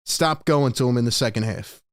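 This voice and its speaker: A man's voice: mid-range voice, a little fast. A young man hosting a live postgame show, ranting in an exasperated, emphatic way and repeating lines for effect. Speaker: sports show host.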